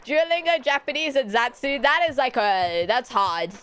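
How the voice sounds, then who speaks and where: Giggly British woman streamer. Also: high voice. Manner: giggly, animated, teasing banter with chat. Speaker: VTuber streamer. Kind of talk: casual chat answering viewer questions.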